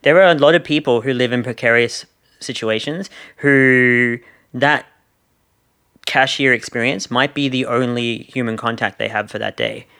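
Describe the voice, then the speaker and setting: Australian man, co-host, rambling talker, dry sarcasm, mid-pitched. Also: normal speed, creaky, pushed and bright. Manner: rambling, many restarts and fillers, dry sarcasm. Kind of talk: casual discussion.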